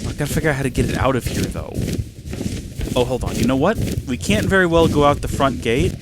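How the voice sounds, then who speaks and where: A man hosting a gaming channel, talking excitedly to himself and the game as he plays. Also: mid-range voice, fast talker, very noisy. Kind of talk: let's-play commentary.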